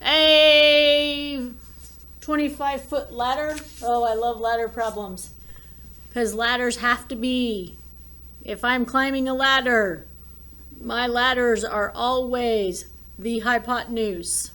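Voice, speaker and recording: A woman teaching a math lesson, working problems aloud at an unhurried pace. Her voice sits a little high, and she narrates each step as she draws and writes. Plain, practical delivery with small asides. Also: steady tone, a bit bright. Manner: talks while drawing and working problems aloud.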